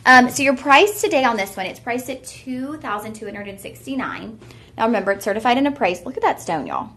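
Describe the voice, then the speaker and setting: A woman's voice: on the high side, lively intonation, brisk, a bit bright, roomy sound. Gushing woman selling jewelry. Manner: gushing, chatty, says y'all a lot. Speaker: shopping channel jewelry host. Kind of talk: live-stream sales pitch.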